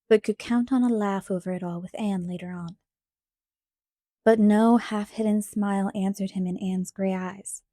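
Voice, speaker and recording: A woman narrating an audiobook chapter in a measured, expressive storytelling voice. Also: mid-range voice, no echo, clean studio sound. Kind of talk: scripted narration.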